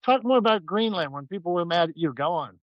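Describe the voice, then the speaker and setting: Man, high voice, playful banter, podcast co-host, dry dull lo-fi sound. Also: expressive, quick pace, dry recording. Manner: playful, self-mocking joking.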